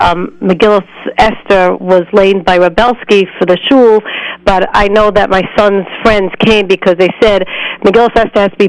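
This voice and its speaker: A woman's voice: mid-range voice, no room sound, poor audio. A woman calling in to a radio show, speaking earnestly and dropping in Yiddish words. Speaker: caller. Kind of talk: phone-in sharing memories.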